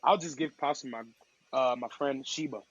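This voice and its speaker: A man from Togo, a podcast guest and DJ, telling stories in casual chat with slangy, lively talk. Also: medium pitch, moderate pace, breathy edge, dull audio. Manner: lively, acts out quoted voices, slangy.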